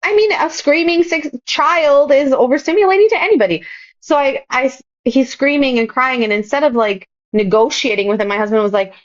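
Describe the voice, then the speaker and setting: A woman in her thirties with a somewhat high voice talks openly and earnestly, giving advice as a podcast guest. The audio is a little dull and lo-fi. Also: fairly quick. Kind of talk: casual podcast chat.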